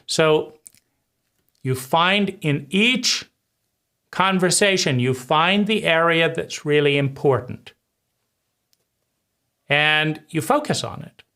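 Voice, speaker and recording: A man teaching conversation skills in a deliberate way, often repeating himself and checking in with "right?". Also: fairly high pitch, pushed and bright, smooth. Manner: slow, deliberate, repeats phrases and asks "right?". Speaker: life coach.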